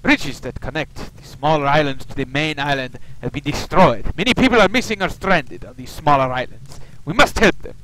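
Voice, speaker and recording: A man doing a grave village clan leader from a video game, speaking in a put-on Russian accent. His voice sits a little high for a man, with a faint hiss of noise behind it. The delivery is formal and solemn. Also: normal speed, few pauses, natural voice.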